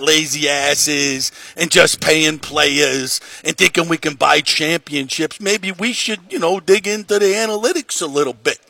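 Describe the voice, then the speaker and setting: A man doing a brash, blustery New York sports radio host, laying the accent on thick. The voice is gravelly and a little husky, sitting somewhat high, and it sounds dry and close to the mic. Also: bright, forceful tone, no room sound, full character voice.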